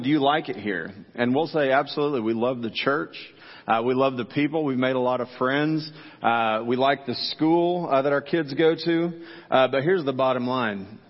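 Middle-aged male pastor, laid-back and joking, preaching in a church with a long echo and a muffled, dull sound. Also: medium pitch. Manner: casual, joking, talks straight to the congregation. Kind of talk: sermon. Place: church sanctuary.

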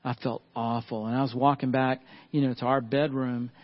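A man's voice: medium pitch, little pitch movement, normal speed. A middle-aged man, a pastor, preaching a casual storytelling sermon in church. He chuckles often and addresses the congregation as y'all. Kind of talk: conversational sermon. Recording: slightly muffled recording.

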